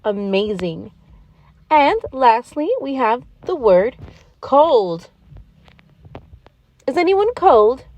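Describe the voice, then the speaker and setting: Woman voicing a patient gazelle teacher, high lively voice, slow sing-song delivery, encouraging, preschool lesson. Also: no room sound, exaggerated voice. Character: gentle, patient gazelle schoolteacher, adult female.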